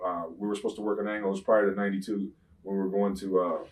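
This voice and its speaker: An older man, a retired wrestler, telling rambling profane stories in an interview, often saying "you know what I'm saying" and getting loud when he retells fights. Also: deep voice, very fast, recorded from a distance, poor audio. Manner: grows loud and animated when retelling confrontations. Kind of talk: shoot interview storytelling.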